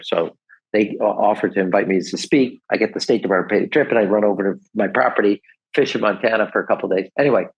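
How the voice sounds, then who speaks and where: A man's voice: lowish voice, slightly rough, muffled recording. A man in his sixties, a podcast guest, telling stories in a casual, rambling way, full of restarts and "et cetera". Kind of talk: casual storytelling.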